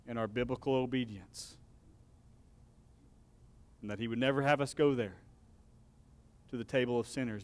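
A man preaching a sermon, reading scripture with acted-out dialogue and dropping to a soft, low voice to close his points. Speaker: pastor.

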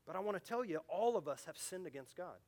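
A male pastor with a high, light voice preaches a sermon, pleading earnestly and directly with his listeners. He talks fast and expressively, swelling to loud, urgent emphasis and dropping to hushed, low asides.

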